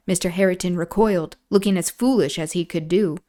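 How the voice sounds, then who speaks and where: A woman streamer reading a classic novel aloud, breaking off for relaxed, chatty asides. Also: fairly low pitch, a little fast, hardly any pauses. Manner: relaxed, chatty asides and laughter between passages.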